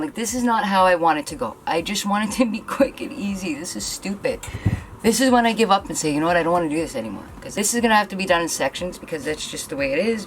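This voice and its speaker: A woman's voice: sits low, vocal fry, slight background noise. A young woman from Canada vlogging a hair tool demo, talking bluntly and venting her frustration. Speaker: beauty vlogger. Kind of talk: frustrated product demo vlog.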